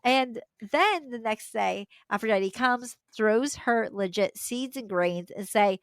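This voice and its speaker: A woman's voice: on the high side, takes it slowly, hardly any pauses, no echo. A young adult woman, a podcast host, retelling a story casually with slangy asides and frequent laughter.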